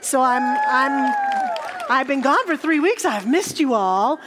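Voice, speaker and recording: A woman's voice: sits high, huge pitch swings, measured pace, heavy background noise. A woman minister welcoming a church congregation and making announcements, chatty and joking, a little jet lagged. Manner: warm, joking, then reverent. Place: church sanctuary.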